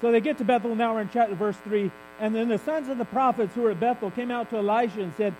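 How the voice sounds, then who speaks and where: High-voiced man preaching candidly. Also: fast talker, few pauses, darkish tone, a little hiss or hum, poor audio. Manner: candid, conversational preaching with rising emphasis. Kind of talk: sermon.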